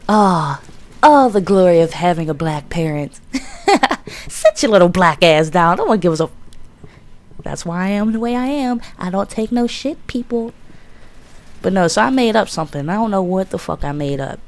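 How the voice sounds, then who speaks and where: A woman's voice: on the low side, normal speed. Profane young woman telling a story. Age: 20s. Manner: profane, animated storytelling with acted-out quotes. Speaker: YouTube gaming commentator. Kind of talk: casual storytelling vlog.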